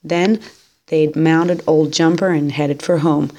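A woman reading a novel aloud in a steady, unhurried storytelling manner. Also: low voice. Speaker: reader.

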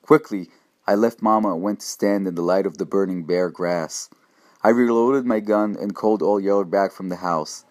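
A man reading a first-person audiobook narration in a steady, measured voice. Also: deep voice, no room sound, studio quality.

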